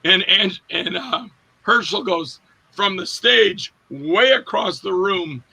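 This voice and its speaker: High, gravelly, bright-voiced man telling stories. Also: slow pace, poor audio. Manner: animated anecdote-telling, acts out quoted voices, laughs often. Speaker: actor, interview guest. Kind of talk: casual storytelling interview.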